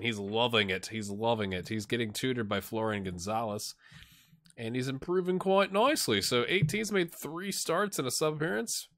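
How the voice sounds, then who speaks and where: A man talks over his own gameplay in a bright, forward voice. His pitch swings widely, climbing high when something happens on screen. He sounds a little tired but keeps up a running stream of joking asides. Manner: excitable, jokey play-by-play asides. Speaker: gaming YouTuber. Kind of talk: let's play commentary.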